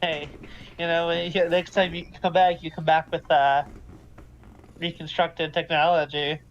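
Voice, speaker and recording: A woman's voice: deep voice, level tone, measured pace, dull audio. A woman playing in a tabletop game, chatting casually and swearing freely. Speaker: player.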